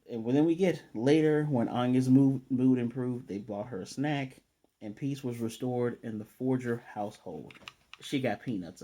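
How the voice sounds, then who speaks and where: Mellow-voiced man recapping an anime. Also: mid-range voice. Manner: rambling, retells scenes with quick quoted voices. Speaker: anime reviewer. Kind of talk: casual episode recap and commentary.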